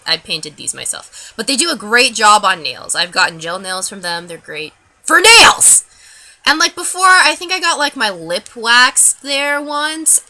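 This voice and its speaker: A young woman ranting in a vlog, telling a story with lots of cursing and "like" fillers, shifting from low mumbles to loud outbursts. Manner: animated, profane, lots of "like" fillers. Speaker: vlogger.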